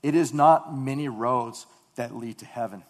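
A man preaching a sermon, reading scripture and then expounding it with emphatic, repeated phrases that build to loud, fervent passages. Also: medium pitch, a little slow.

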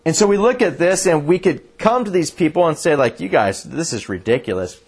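A man's voice: fairly high pitch, a little fast, slightly rough. A man preaching a sermon as a pastor, telling stories earnestly and often restarting his sentences. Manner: earnest, animated storytelling with frequent restarts.

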